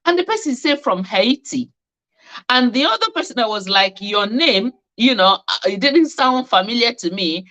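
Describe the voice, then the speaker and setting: A woman's voice: fairly high pitch, very animated, normal speed, sharp tone. A woman hosting a live stream, reading out viewers' comments in a chatty, teasing way and laughing often. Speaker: host of a live weight-management Q&A.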